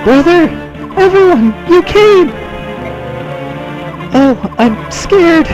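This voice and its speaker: A man voicing a tearful but plucky young girl in a high squeaky falsetto, over game music. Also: animated, very slow, dull audio, heavily acted. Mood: frightened.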